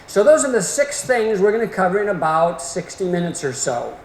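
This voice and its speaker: A man's voice: high voice, sing-song, fairly quick, darkish tone. A middle-aged man giving a continuing-education lecture, folksy and emphatic in manner. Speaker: orthodontic lecturer. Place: lecture hall. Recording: echoey hall with faint room noise.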